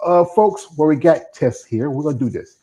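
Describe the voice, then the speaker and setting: A podcast host from the American South runs a live streamed interview, chatting casually in a rambling way that keeps stopping and starting over. His voice is fairly high, expressive and dark in tone, at a normal speed, and the audio is poor.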